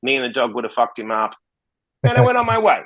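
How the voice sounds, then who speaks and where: A man, a podcast guest telling stories in a casual, animated way and acting out both sides of the dialogue. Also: mid-range voice, fast talker, rough recording. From Australia. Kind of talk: casual storytelling in a podcast interview.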